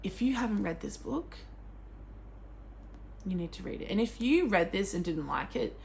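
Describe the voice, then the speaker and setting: A young Australian woman talking casually about books as a vlogger, gushing and excitable, with sudden squeals and swearing. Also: medium pitch, moderate pace, vocal fry, a little hiss or hum. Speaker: book vlogger. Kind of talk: casual chat.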